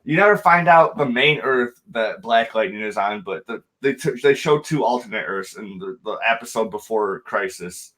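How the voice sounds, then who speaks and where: A man's voice: fairly low pitch, lively intonation, normal speed, hardly any pauses, a bit bright. Man, podcast co-host, casual banter, laughs a lot, swears freely. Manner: laughing, profane, chiming in.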